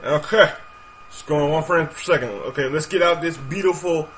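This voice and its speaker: A man's voice: a little high, moderate pace, a bit bright, slight background noise. A young man commenting on a horror game as he plays, nervous and jumpy, swearing often. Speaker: gaming youtuber. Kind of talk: let's play commentary.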